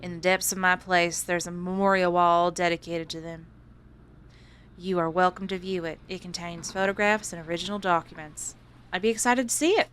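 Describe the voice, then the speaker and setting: A woman reading the lines of a male investigator in a horror game, in her own plain voice, earnest and steady. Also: on the low side, moderate pace, a little hiss or hum, natural voice.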